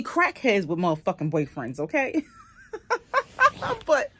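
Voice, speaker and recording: A woman's voice: lowish voice, normal speed, no echo. A woman in her forties with a Boston accent, talking openly to camera in a casual vlog and swearing freely. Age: 40s. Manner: blunt, swears freely, lively. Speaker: vlogger.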